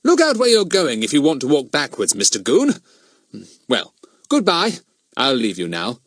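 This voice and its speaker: A man's voice: on the high side, wildly swooping pitch, moderate pace, no echo, studio quality, pitched above the performer's own voice. A man reading an audiobook voices a cheeky, clever schoolboy detective with a mock-innocent manner. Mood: teasing.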